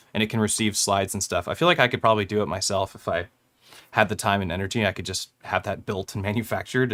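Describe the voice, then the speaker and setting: On the low side and fairly bright, this young man's voice carries a casual tutorial about making a track on his hardware. He tends to ramble and fixes his own slips with brief laughs.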